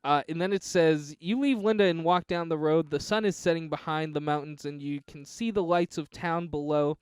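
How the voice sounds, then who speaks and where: A podcast co-host with a smooth, fairly high voice reads a text adventure game aloud at a moderate, steady pace. He jokes about it casually with laughing asides, and the studio-quality recording has no room sound.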